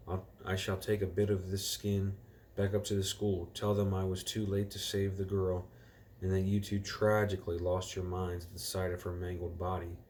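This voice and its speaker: A gloating, theatrical villain of a wizard teacher, all smug triumph, as a man reading a bedtime storybook puts him on. The voice stays low and sits just above the reader's usual pitch. It sounds like a parent performing a storybook villain for listening children. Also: monotone, normal speed, a little mellow, a little hiss or hum, lightly acted.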